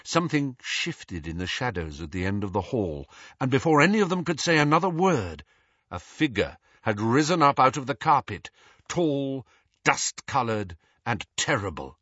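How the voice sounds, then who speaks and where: A man narrating a storybook in a measured, expressive way. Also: medium pitch, dry recording, dull audio. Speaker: audiobook narrator.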